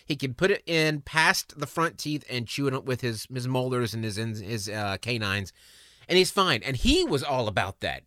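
Podcast host, man in his thirties, forceful and dry-sounding, emotional and halting storyteller. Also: mid-range voice, animated, no room sound.

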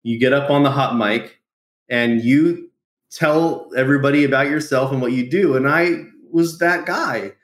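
A man being interviewed about his business, telling lively stories, acting out quotes and laughing often. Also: mid-range voice, moderate pace. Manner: animated storyteller, laughs often, acts out quotes. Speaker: podcast guest, entrepreneur. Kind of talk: casual interview storytelling. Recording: roomy echo.

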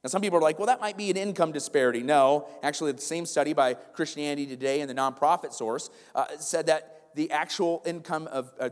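A male pastor preaching a sermon in a church auditorium, conversational with joking asides, building to emphatic passages. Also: a little high. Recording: reverberant hall.

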